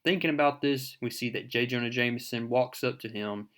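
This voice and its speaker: A man's voice: medium pitch, brisk, a bit bright. Man casually recapping a comic. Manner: rambling recap with fillers. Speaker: comic book reviewer. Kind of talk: casual comic book retelling.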